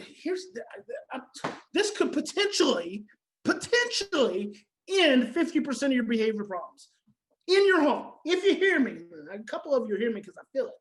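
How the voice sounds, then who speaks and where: Woman, parenting educator, fairly high voice, emphatic, repeats phrases, loud then hushed. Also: low-quality recording. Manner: repetitive, emphatic, swings between loud and soft. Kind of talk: motivational teaching talk.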